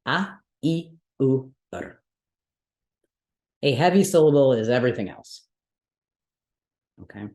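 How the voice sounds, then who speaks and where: With a bass voice that's a little mellow, a woman runs a Sanskrit mantra workshop in an echoey, roomy space. She explains the rules patiently, one step at a time, pausing often to check in with her students.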